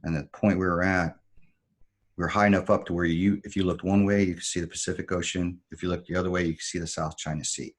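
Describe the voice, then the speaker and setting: Male podcast guest, former Marine, deep voice, measured storyteller. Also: little pitch movement. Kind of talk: storytelling in conversation.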